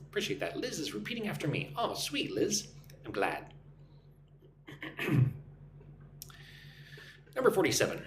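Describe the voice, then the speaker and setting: Upbeat American man hosting an English lesson live; lively pitch, echoey room with a low hum. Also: unhurried, pauses often. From United States. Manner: upbeat, reads viewer names aloud, models phrases to repeat. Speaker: English teacher live streaming. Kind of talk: casual live-stream lesson, reading chat comments. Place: home in a Vietnamese city.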